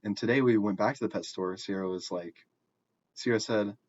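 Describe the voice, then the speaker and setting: A young man telling a personal story in a casual, halting way, often restarting and filling pauses. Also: fairly low pitch, dull audio. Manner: halting, self-correcting, frequent fillers.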